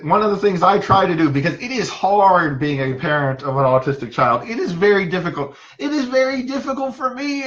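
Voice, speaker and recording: A man with a fairly high, bright, forceful voice tells stories from his practice as a psychologist in a loose, anecdotal way. He acts out the people he quotes and uses plenty of "um" and "uh" between thoughts. The recording sounds dull and a bit lo-fi. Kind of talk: casual storytelling talk.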